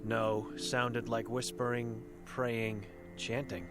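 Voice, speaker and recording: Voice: medium pitch, level tone, takes it slowly, close to an everyday voice. Ein Sprecher spielt eine finstere, blinde alte Frau, mit Spielmusik. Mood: ominous. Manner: terse, broken sentences, solemn. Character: blind mute old woman hermit, grim and cryptic. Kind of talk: video game voice acting. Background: game music.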